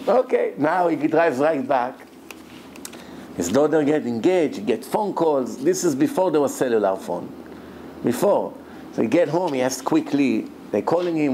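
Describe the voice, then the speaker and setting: A man, a rabbi, telling a story in a sermon and acting out its characters with lively narration. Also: on the high side, normal speed, a little hiss or hum. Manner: animated storyteller who acts out voices, chuckling.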